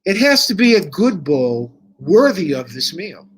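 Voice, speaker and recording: A man's voice: sits high, big pitch swings, a little slow, husky. A man co-hosting a casual live stream, talking in an emphatic, bossy and joking way. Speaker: co-host.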